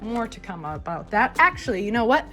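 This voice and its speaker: A woman's voice: a little high, big pitch swings, music in the background. A young woman chiropractor from Minnesota, chatting enthusiastically in her kitchen as she unpacks her groceries. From Minnesota, USA. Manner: chatty and enthusiastic, drawn-out words. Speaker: chiropractor vlogger. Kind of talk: casual kitchen vlog. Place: home kitchen.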